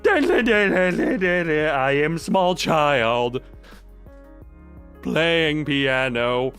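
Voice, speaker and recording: A man's voice: mid-range voice, fairly bright tone. A young man chatting casually on a late-night stream, rambling and cutting himself off mid-sentence. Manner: rambling, self-interrupting, chatty. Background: faint background music.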